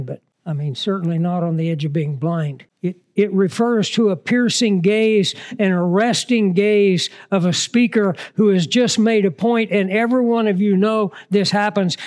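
High-voiced male preacher, conversational sermon. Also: a little mellow. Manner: conversational preaching with humorous asides.

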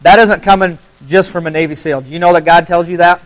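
A man with a slightly high voice giving a motivational Bible talk to a live group. He speaks conversationally, throws questions at his listeners and drives points home by repeating phrases. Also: fairly even intonation, fast, rough recording. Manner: conversational, asks the audience questions.

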